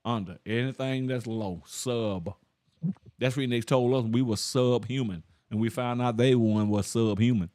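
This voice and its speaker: A man's voice: medium pitch, steady tone, moderate pace, warm tone, dry recording. A man leading an informal Bible study, folksy, repeating words and asking his listeners questions. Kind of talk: informal preaching.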